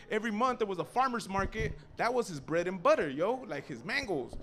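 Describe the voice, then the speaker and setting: A young man spins a profane comic story at a small cafe open mic. His voice sits high and swings wildly in pitch as he acts out characters and bursts into shouts.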